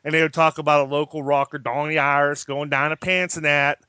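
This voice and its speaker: Give me a bright, upbeat man hosting a podcast, close and dry. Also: on the high side, fairly quick, clear, resonant tone, dry recording. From southwestern Pennsylvania, USA. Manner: excitable, laughs often. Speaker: podcast host. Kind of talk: casual podcast chat.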